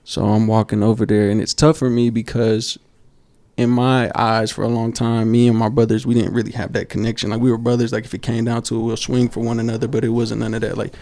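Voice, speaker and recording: A man co-hosting a basketball podcast, telling coaching stories in a casual, animated way and acting out quotes. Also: medium pitch, fast talker. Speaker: podcast co-host. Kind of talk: casual storytelling chat.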